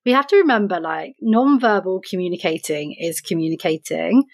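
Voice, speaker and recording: A woman's voice: fairly low pitch, fairly quick, darkish tone. A woman talking through emotional habits in a casual conversation, reflective and explaining with examples. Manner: reflective, explains with examples and quoted self-talk. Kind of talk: casual podcast chat.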